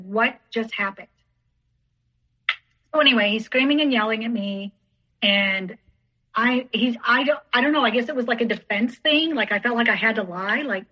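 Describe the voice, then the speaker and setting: A woman's voice: on the high side, sharp tone, highs cut off. A woman telling a story as a podcast guest in casual, rambling speech full of "like" and "you know".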